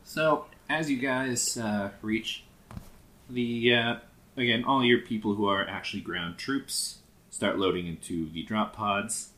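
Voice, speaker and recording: A man with a fairly low voice runs a science-fiction tabletop game for his friends. He narrates casually, swearing freely and laughing along with his players. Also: unhurried, sharp tone. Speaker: game master.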